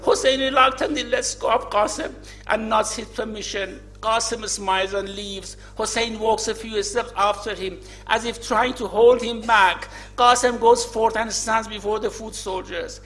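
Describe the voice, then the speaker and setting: A man narrates a dramatic religious story in a very high voice, tearful and emotional, his voice at times breaking. Faint music plays softly beneath him. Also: steady tone, moderate pace, poor audio.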